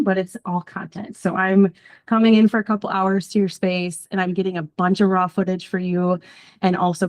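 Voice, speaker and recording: A woman's voice: mid-range voice, a little mellow. Bubbly, chatty woman presenter. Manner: bubbly and chatty, many ums and likes; nervous first-time speaker. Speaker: social media content creator presenting a session. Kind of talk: casual talk to a small group. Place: small in-person group session.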